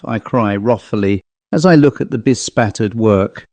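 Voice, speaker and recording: A man reading a ghost story aloud in a measured, wry storytelling manner, as an audiobook narrator. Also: on the low side, creaky, warm tone, no room sound.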